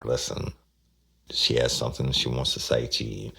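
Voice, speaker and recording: Man, gravelly fry, podcast host, rambling, repeats himself. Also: rumbling low, little pitch movement, moderate pace, bright, forceful tone, faint music behind. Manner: rambling, repeats words, acts out quotes. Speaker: podcast host recounting a case. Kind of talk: casual true-crime storytelling.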